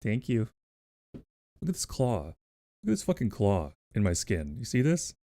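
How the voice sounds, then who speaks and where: A man's voice: lowish voice, big pitch swings, normal speed, warm tone. A male streamer in casual livestream chat, playful and casually swearing, cooing at his pets while he talks to viewers on a close desk mic.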